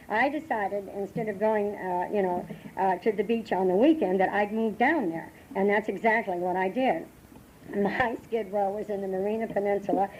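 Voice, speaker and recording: An older American woman sharing her recovery story at a meeting, halting and emotional, with many restarts, on a dull lo-fi tape from the 1980s. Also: medium pitch, a little mellow, a little hiss or hum. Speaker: AA meeting speaker. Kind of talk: personal recovery talk.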